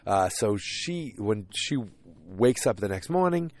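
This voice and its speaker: A man's voice: fairly low pitch, big pitch swings, takes it slowly. Rambling man recapping a TV episode. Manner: rambling, retells scenes in quoted voices, many fillers and restarts. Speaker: podcast host.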